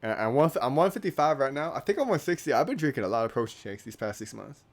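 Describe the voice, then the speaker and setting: Talking fast with an expressive, mid-range voice, a young man in his late teens vlogs casually on YouTube. He rambles and cracks self-deprecating jokes.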